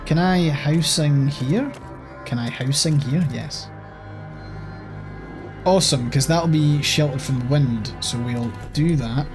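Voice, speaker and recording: Slow-talking Scottish man gaming. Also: fairly high pitch, music in the background. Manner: thinking aloud, swears casually, reads on-screen text. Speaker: gaming channel host. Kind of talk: casual let's-play commentary.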